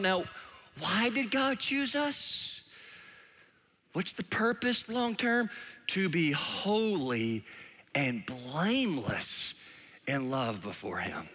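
High-voiced, animated male preacher. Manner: animated and emphatic, with sudden soft hushed asides. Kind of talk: sermon.

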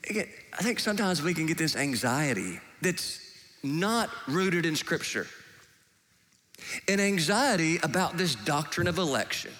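A male preacher delivering a sermon, animated and emphatic, dropping now and then into soft, hushed asides. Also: fairly high pitch, a little slow.

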